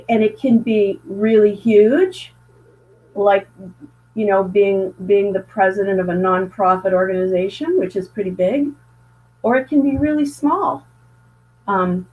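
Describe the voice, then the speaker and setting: A woman's voice: medium pitch, phone-quality sound. A woman from Canada, a guest author and speaker, talks in an earnest, conversational way as she tells a story, often stumbling over and repeating words.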